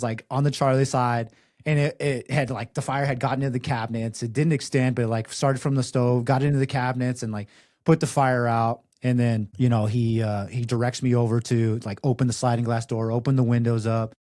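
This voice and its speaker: A young man, a firefighter guest, telling stories casually on a podcast, full of "like" fillers and growing quiet in tender moments. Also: mid-range voice, dry recording, studio quality. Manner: animated storyteller, many "like" fillers, softens for emotional parts. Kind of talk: casual storytelling interview.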